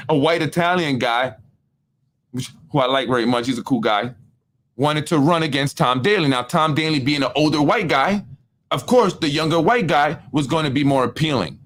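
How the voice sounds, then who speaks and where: A man hosting a casual political commentary show, animated and repetitive, often asking "right?" and acting out what others said. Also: fairly high pitch, normal speed, a little hiss or hum. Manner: animated, repetitive, with frequent tag questions; acts out other people's speech in quoted voices. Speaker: political talk show host.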